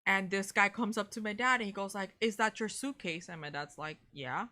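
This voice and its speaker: A young woman, co-hosting a casual chat and telling a story in an animated way, swearing freely and saying "bro" a lot. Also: mid-range voice, a little fast. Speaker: co-host of a reaction channel.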